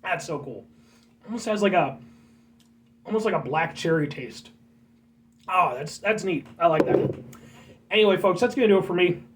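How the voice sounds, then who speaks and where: A man's voice: high voice, normal speed, long pauses, distant mic, poor audio. An American man hosting a casual vlog, rambling and joking as he talks to his viewers as folks. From United States. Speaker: vlog host.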